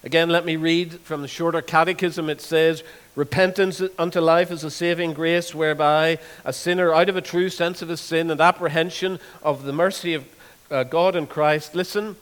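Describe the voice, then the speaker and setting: A man preaching a sermon, earnest, repeating words and slowing down to stress scripture. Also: a little high, fairly even intonation, fairly bright tone, smooth. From Northern Ireland. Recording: long hall reverb.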